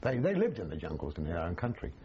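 A man's voice: low voice, quick pace, dull audio, slight background noise. Older man telling war stories. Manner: animated, acts out quoted voices, frequent restarts. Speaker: army veteran interviewee. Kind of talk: storytelling reminiscence.

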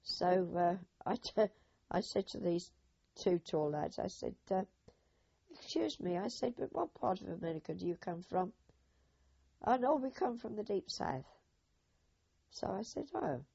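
An older woman telling her own memories as oral history, in a husky voice, acting out each speaker's quoted words. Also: mid-range voice, expressive, measured pace, dark tone. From Britain. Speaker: eyewitness. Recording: dull lo-fi recording.

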